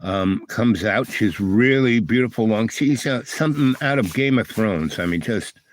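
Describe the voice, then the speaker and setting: A man's voice: fairly low pitch, lively intonation, normal speed. An older man hosting a livestream, telling a meandering personal story with many restarts and fillers. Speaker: livestream host. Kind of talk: rambling storytelling.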